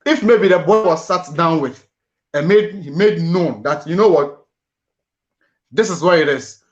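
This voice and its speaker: A man's voice: a little high, measured pace, lo-fi sound. A man hosting a boxing panel show, talking earnestly and often restarting his words.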